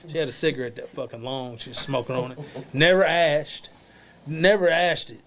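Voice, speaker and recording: A man's voice: fairly high pitch, normal speed. A man guesting on a podcast, a former wrestler telling profane backstage stories with lots of swearing. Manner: crude, swearing and animated, laughs at his own tales.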